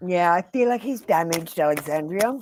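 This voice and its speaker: A woman's voice: on the low side, animated, darkish tone, a little hiss or hum. Blunt Australian woman reading tarot. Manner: blunt and earnest, addressing viewers by name; frequent ums and pauses. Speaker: tarot reader. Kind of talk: live-streamed tarot reading.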